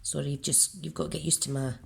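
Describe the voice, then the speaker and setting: A woman's voice: sits low, little pitch movement, fast, vocal fry. A woman with a Scottish accent, chatting her way through a card-making tutorial and talking herself through each step. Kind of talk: casual crafting tutorial.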